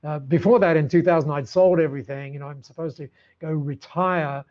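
An older man, a podcast guest, telling stories in an animated way with many restarts and laughs. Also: on the high side, brisk, highs cut off. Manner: animated, warm storyteller with frequent restarts and laughs. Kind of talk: storytelling in an interview.

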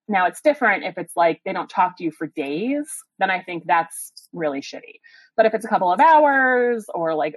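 Calm affirming woman giving advice. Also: fairly low pitch, dry recording, low-quality recording. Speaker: podcast host and sex educator. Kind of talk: live call-in advice.

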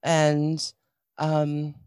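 A middle-aged woman telling a painful personal story in a candid, halting way, with many restarts and dry, wry asides. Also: sits low, completely flat delivery, a little mellow, smooth, no room sound. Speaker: guest sharing a personal story.

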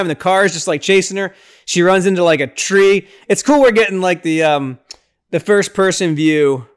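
Excitable young man recapping a movie. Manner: excitable, lots of fillers, acts out lines in high voices. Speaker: podcast host recapping a film. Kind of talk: casual movie recap chat.

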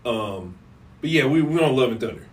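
A man co-hosting a casual podcast about movies, laid-back and trailing off quietly at times. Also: mid-range voice, lively intonation, normal speed. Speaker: podcast co-host. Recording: distant mic with faint background noise.

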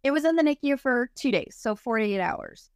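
A woman's voice: a little high, big pitch swings, normal speed, smooth, no room sound, studio quality. A woman in her thirties telling a personal story as a podcast guest, rambling and full of "like". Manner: rambling, heavy use of "like". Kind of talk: casual storytelling.

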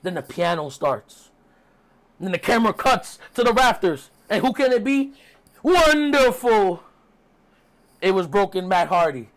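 Chatty man recapping casually. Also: high voice. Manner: rambling, chatty storytelling. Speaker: podcast host reviewing wrestling.

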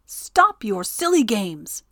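A woman's voice: mid-range voice, very animated, slow, a bit bright, dry recording, clean studio sound, exaggerated voice. A woman doing a stern, scolding old woman. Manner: firm, scolding.

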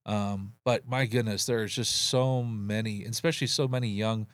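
A man chatting as a guest on a podcast, relaxed and easygoing, often restarting his sentences. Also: lowish voice, normal speed, no echo. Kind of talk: casual interview chat.

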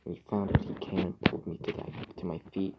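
A man reading a first-person horror story in a slow, hushed way that often drops to a whisper. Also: low voice, flat delivery, very noisy. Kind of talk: scripted horror narration.

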